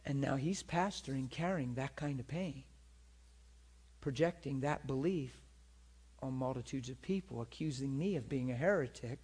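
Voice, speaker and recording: A man's voice: medium pitch, moderate pace, a little mellow, husky. A man preaching a storytelling sermon in an earnest way, often checking that his listeners follow him.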